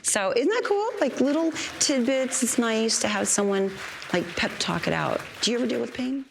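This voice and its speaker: A woman's voice: fairly high pitch, moderate pace, gravelly, a little hiss or hum. A woman hosting a talk show in a bubbly, enthusiastic pep-talk manner.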